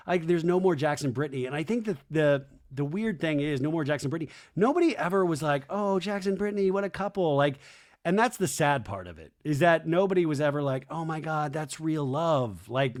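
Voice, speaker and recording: A man hosting a podcast, giving an animated, chatty comedic TV recap. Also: on the high side. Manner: animated, chatty, frequent impressions. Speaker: podcast host.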